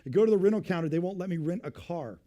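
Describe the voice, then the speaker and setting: A young pastor spins a comic story from the pulpit, switching into voices for everyone he meets and dropping to a near hush for suspense. His voice is a little high for a man, with a mellow, relaxed tone. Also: very fast, highs cut off. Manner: animated storyteller, acting out voices, drops to a hushed tone for suspense. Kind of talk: storytelling sermon.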